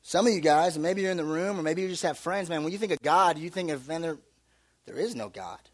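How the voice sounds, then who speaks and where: A young male youth pastor preaching in a loose, conversational way, slipping into quick acted-out voices to make his points. His voice sits high for a man. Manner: casual and animated, acts out little voices. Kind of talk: youth sermon.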